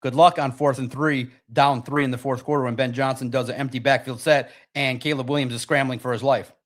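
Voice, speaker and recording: A man hosting a live-stream sports talk show, reading chat and talking in an animated, sarcastic, rambling way. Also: medium pitch, fairly quick.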